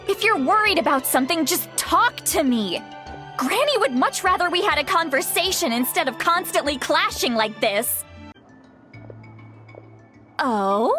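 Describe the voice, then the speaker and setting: A woman's voice: very high-pitched, sharp tone, full character voice. An actress voicing a feisty, sassy granny who looks younger than her age and scolds sharply in game voice lines. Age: older. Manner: sassy, scolding, quick to anger. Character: feisty youthful-looking old granny, scolding, fierce. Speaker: game character voice.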